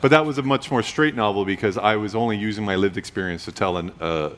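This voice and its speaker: A man's voice: fairly low pitch, fast. A man in his thirties or forties, an author guest talking reflectively and playfully in an interview, acting out quotes as he goes. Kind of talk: conversational interview.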